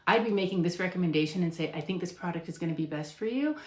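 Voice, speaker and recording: A woman's voice: on the low side, quick pace. A woman nurse practitioner answering viewer questions in casual live talk, emphatic and chatty, with lots of fillers and acted-out patient lines. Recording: echoey room.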